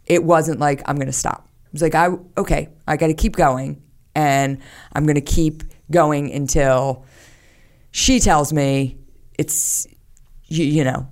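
Woman, podcast guest, low voice, candid, lots of fillers. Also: steady tone, a little slow, darkish tone. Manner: candid, talks openly about her anxiety with many fillers. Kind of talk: casual conversation.

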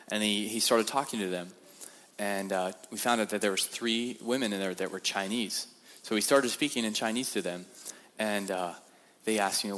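Low-voiced man giving a church testimony. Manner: animated storyteller, repeats words, acts out quotes. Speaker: guest speaker. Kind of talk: sermon-style testimony. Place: church sanctuary. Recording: reverberant church hall.

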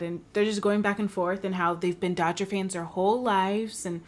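A woman in casual chat, telling an animated story and laughing as she acts out what others said. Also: medium pitch, moderate pace. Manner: animated storyteller, laughs while acting out quotes.

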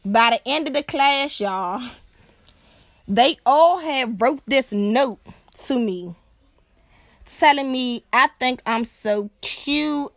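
A woman's voice: high voice, slow pace, no echo. Blunt, profane woman telling a story. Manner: blunt and profane, keeps asking "you know what I'm saying"; animated, acts out other people's voices. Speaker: podcast host. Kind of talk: casual storytelling monologue.

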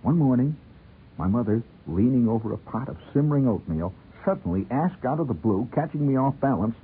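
A man telling a wry, lively first-person story, playing the people in it as he goes. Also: mid-range voice, a little fast. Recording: tinny old radio broadcast with faint noise.

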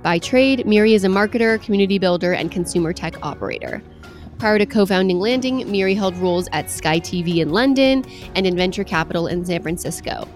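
A woman in her twenties hosting a podcast, bubbly and enthusiastic, reading her intro and chatting with her guest. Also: medium pitch. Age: 20s. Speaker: podcast host. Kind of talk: scripted intro, then casual interview chat.

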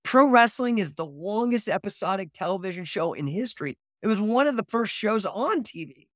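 A man hosting a podcast in a casual, rambling chat, excitable and peppered with slang. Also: high-pitched, moderate pace, no room sound, studio quality. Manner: excitable, rambling, says "dude" and "man" a lot. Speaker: podcast host.

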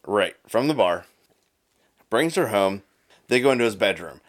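A man's voice: lowish voice, animated, moderate pace. A man telling a long rambling story in casual chat, profane, with frequent "right?" tags.

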